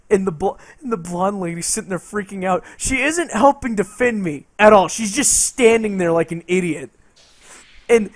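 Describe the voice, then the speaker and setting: A man's voice: sits high, dry recording. A man streaming a game and telling a rambling story, swearing and laughing as he goes. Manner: rambling, profane, laughing between lines.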